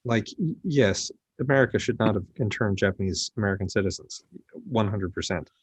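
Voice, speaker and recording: Blunt low-voiced man, dry sound. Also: fairly quick, husky, no echo. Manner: blunt, emphatic, matter-of-fact. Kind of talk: casual chat.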